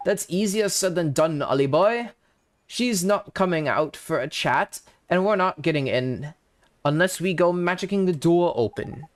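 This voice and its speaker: A woman's voice: lowish voice, lively intonation, unhurried. A woman voicing a brash, cheeky little male fairy companion in a game, talking breezily.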